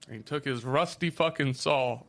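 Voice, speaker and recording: A man with a Midwestern accent, co-hosting a casual podcast chat and telling rough stories, swearing freely. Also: medium pitch, normal speed. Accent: Midwestern American. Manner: swearing storyteller, lively. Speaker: podcast co-host.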